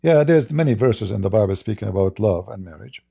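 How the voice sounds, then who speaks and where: A man's voice: fairly low pitch, expressive, a little fast, creaky, mellow, breathy edge. A man with an Arabic accent speaking to viewers as an online religious debater, sarcastic and repetitive, with stammering restarts. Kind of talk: addressing viewers in a stream.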